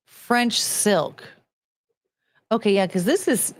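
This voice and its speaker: Animated, ranting American woman streamer. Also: medium pitch, measured pace, no echo. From United States. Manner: ranting, profane, talks to chat. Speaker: streamer host. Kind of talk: casual livestream chat.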